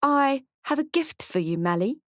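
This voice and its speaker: A brisk female surgeon with crisp, clipped diction, as a woman narrator puts her on. She sits higher than the reader's own voice and sounds upbeat and encouraging. The audiobook recording is dry and close. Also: expressive, no echo. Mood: praising.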